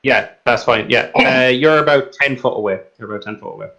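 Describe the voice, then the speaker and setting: A man runs a tabletop game as its game master, narrating the action. He rambles along in an easygoing way, full of ums and uhs, at a middle pitch. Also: brisk, pushed and bright, low-quality recording. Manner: rambling, hesitant, lots of fillers.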